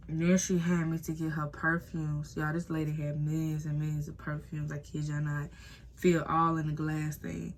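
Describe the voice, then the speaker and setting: A young woman telling a storytime to viewers in a casual, animated way, calling them y'all and acting out what others said. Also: low-pitched, slight background noise. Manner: animated, addresses viewers as y'all, acts out quotes.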